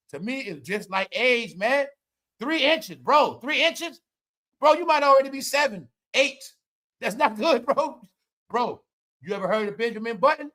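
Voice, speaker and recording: A man giving casual comedic commentary to his audience, loud and profane, laughing often and swinging between shouting and muttering. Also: very high-pitched. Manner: profane, talks straight to the audience. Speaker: online commentator.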